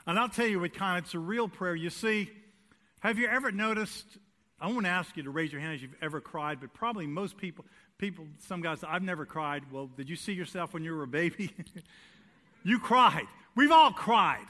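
In a church sanctuary, a male pastor preaches in a high-pitched voice at normal speed, swinging between loud, emphatic declarations and hushed lines while asking the congregation rhetorical questions.

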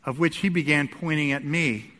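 A man preaching a sermon to his congregation, telling a humorous story and swinging between quiet asides and loud, emphatic peaks. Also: a little high, normal speed, noisy background. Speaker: pastor. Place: church sanctuary with congregation.

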